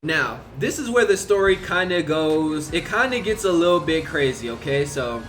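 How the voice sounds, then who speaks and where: Young guy w a high voice rambling thru a story, lots of "you know" and cussing, faint music under it. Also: lively intonation, normal speed, fairly bright tone. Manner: rambling, full of fillers and swearing. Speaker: vlogger. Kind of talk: casual storytelling.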